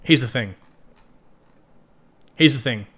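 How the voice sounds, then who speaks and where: A man's voice: medium pitch, slow, fairly bright tone, breathy edge. A man with an Australian accent hosting a live stream, talking casually and bluntly to his viewers with plenty of swearing. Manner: chatty, blunt and profane, talks straight to viewers. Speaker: crypto livestream host. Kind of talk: casual livestream commentary.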